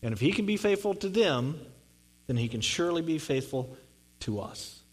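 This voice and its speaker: A man's voice: on the high side, lively intonation, a little fast, breathy edge, poor audio. A man preaching a sermon, reading scripture and explaining it in a conversational way, often repeating words for emphasis. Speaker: pastor.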